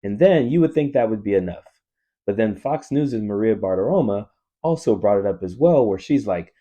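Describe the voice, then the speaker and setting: Earnest low-voiced man in his fifties. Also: animated, normal speed, mellow. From New Orleans, Louisiana. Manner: earnest, emphatic, speaks directly to viewers. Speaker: coach and teacher, vlogger. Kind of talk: casual opinion commentary to camera.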